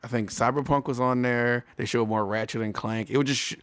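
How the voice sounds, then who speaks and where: A man's voice: medium pitch, fairly even intonation, a little fast, fairly bright tone, clear, resonant tone, no room sound. A young man co-hosting a gaming podcast, explaining things thoughtfully in casual chat. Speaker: podcast co-host.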